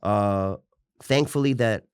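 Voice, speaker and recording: In a clean studio recording with no echo, a fitness coach in his forties tells his story as a guest on an interview. His lowish voice is slow, smooth and a little mellow. The storytelling is candid and personal, delivered with passion, plenty of rambling, false starts and cursing.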